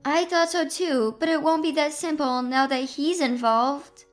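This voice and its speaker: A woman's voice: sits high, unhurried, faint music behind, pitched above the performer's own voice. A woman voicing an anxious woman at a hospital who speaks urgently and scolds in a storybook drama.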